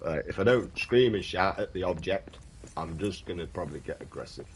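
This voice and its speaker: A young British man with a very deep voice, swearing and ranting casually while chatting to viewers on a stream. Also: animated, a little fast, slight background noise. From United Kingdom. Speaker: gaming streamer. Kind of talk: casual livestream chat.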